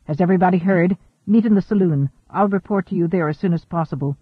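A man's voice: high-pitched, husky, no room sound. A man reading the lines of a weary, ageless male seafarer among space travelers in an audiobook. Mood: earnest. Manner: earnest, halting. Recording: thin phone-like dry audio.

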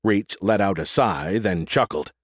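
A man narrating an audiobook in a steady, even reading. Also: low-pitched, unhurried, breathy edge, no room sound, studio quality.

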